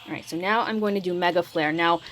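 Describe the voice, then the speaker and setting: A mobile game video creator, a woman with a lowish voice, talks quickly in a fairly bright tone. She rambles hesitantly through casual gameplay commentary for her channel, trailing off and admitting she's mumbly. The low-quality recording has a bit of hiss or hum.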